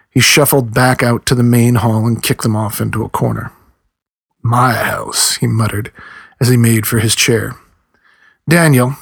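A man reads a novel aloud in a measured storytelling voice with a husky, slightly breathy edge. His pitch sits in an ordinary middle range. He is recorded close and dry, with no room sound around him. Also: no echo. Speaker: audiobook narrator. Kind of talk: scripted narration.

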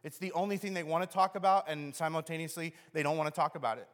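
Male pastor, sermon, lively storyteller acting out scenes, long church-hall reverb. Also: a little high, quick pace. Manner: animated storyteller who acts out scenes.

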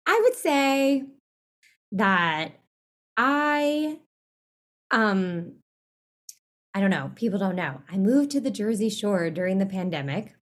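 A woman's voice: medium pitch, sing-song, slow pace, long pauses. A woman being interviewed in a casual chat. She rambles, trails off mid-thought and laughs often. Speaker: interview guest.

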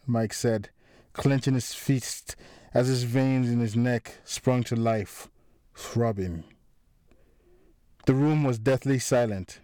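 A man narrating a crime story in a measured, dramatic reading. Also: medium pitch, fairly even intonation, mellow, no room sound.

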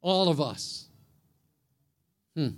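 A man's voice: a little high, expressive, very slow. A middle-aged man, a pastor, preaching a sermon in a conversational way, often asking the congregation questions.

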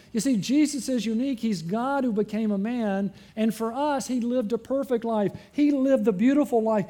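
A man preaching a sermon as pastor, asking the congregation frequent rhetorical questions and slowing and dropping his voice for emphasis. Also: high-pitched. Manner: varies pace and loudness, slowing and dropping for emphasis.

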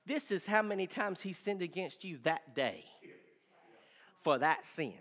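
A man preaching a sermon with impassioned delivery that swings between shouting and hushed pleading. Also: high-pitched, expressive, measured pace, big-room sound.

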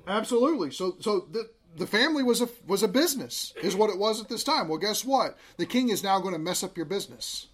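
Higher-voiced man teaching a Bible class. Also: fast, few pauses, slight background noise. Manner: conversational, animated storytelling.

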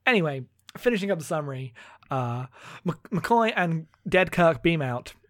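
A chatty man co-hosting a podcast and casually recapping an episode. His voice is fairly high and sounds close and dry, with lots of uhs and likes. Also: normal speed, no echo. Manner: chatty, animated, full of fillers. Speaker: podcast co-host.

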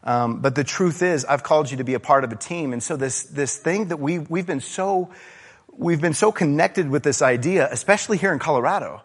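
A man preaching a relaxed, conversational sermon as a pastor, often saying "man" and getting animated. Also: a little high, fairly quick, husky. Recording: reverberant hall.

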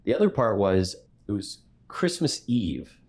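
Middle-aged male guest, very deep voice, lively storyteller who acts out the people in his stories. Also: measured pace. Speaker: commercial real estate broker, guest. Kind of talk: storytelling in a conversational interview.

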